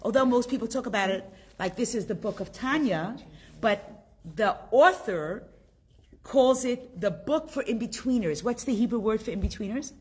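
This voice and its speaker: A middle-aged woman from Canada teaching a casual group class, lively and chatty, often putting questions to her students. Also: on the high side, moderate pace, husky.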